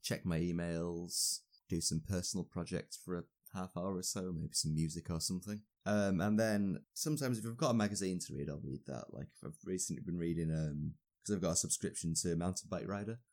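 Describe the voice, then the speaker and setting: A man's voice: deep voice, a little fast, few pauses, darkish tone. A young man, a university student, chatting casually and rambling a little with fillers. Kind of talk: casual podcast chat.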